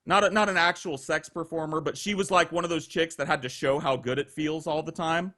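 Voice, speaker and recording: Brief: man, slightly high voice, casual profane storyteller on a video call. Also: a little fast. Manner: profane, animated, acts out voices. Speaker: storyteller guest.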